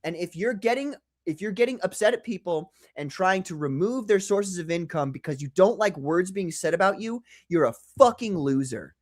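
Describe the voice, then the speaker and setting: This host rants hard and swears freely, mixing anger with laughter. The pitch sits in the middle range but swings widely and animatedly. It suits a heated live-stream talk show. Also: animated, normal speed, few pauses, dry recording, clean studio sound. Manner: profane, combative, laughs a lot. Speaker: podcast host.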